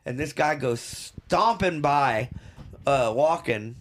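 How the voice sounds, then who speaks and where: A man co-hosting a podcast, telling stories in a casual, animated way. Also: medium pitch, takes it slowly. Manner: animated storyteller who acts out quoted voices. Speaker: podcast co-host. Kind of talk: casual storytelling chat.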